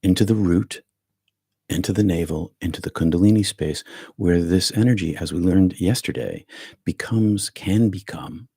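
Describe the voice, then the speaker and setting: A man's voice: low-pitched, moderate pace, dark tone, breathy edge, no room sound. A male meditation teacher leading an online breathwork session over a video call, rambling and correcting himself as he goes.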